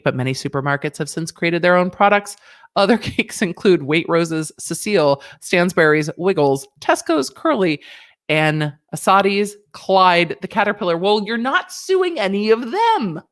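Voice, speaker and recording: A woman's voice: mid-range voice, big pitch swings, moderate pace. A woman lawyer, giving sassy, playful reaction commentary on a news story, close to a desk mic. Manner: sassy, playful, chatty with asides.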